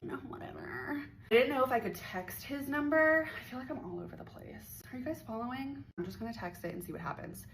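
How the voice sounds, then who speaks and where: A woman's voice: sits high, lively intonation, fairly quick, vocal fry, slight background noise, rough recording. A young woman telling a story from her teenage years, candid and swearing freely, acting out the voices of the people she quotes. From Pittsburgh area. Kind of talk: casual storytime vlog.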